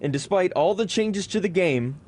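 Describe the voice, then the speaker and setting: Young male TV sports reporter, bright upbeat read, higher voice. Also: animated, moderate pace, heavy background noise. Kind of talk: broadcast news reporting.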